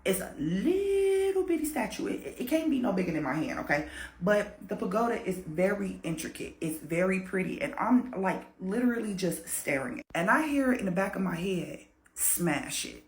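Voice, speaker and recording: Animated, foul-mouthed woman storyteller. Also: medium pitch, moderate pace. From Chicago, USA. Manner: animated, profane, laughs a lot. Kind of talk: casual paranormal storytelling. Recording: roomy echo.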